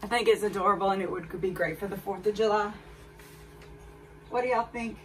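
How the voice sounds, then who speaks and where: In a casual clothing try-on video, a fashion vlogger speaks openly to her audience in a mid-range voice at a slightly quick clip. The recording catches her a bit far from the mic, with faint background noise.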